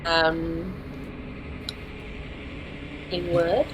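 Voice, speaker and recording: A woman chatting through a tabletop game session, self-mocking and quick to laugh. Her voice sits low for a woman. A steady noise runs under her home mic. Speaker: player. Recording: clear background noise.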